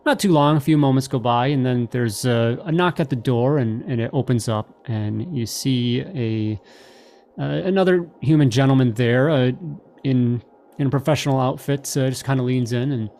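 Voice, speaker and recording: A man narrating as game master in a relaxed, hesitant way with many fillers. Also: medium pitch.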